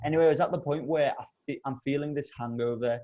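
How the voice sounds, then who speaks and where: A man's voice: medium pitch, quick pace, dull audio. A young man co-hosting a podcast, telling stories in casual chat and swearing a lot. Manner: animated swearing storyteller. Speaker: podcast co-host.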